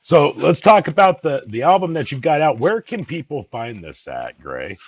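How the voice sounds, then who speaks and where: Husky host on dull audio. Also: male voice, fairly high pitch, very animated, moderate pace. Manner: reads audience questions, short reactions. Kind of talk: live interview hosting.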